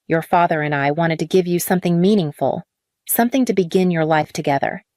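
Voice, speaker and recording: A woman's voice: lowish voice, a little fast, darkish tone, no echo, studio quality, lightly acted. A woman voicing a proud mother making a cheerful announcement in her story reading. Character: beaming mother giving a wedding gift.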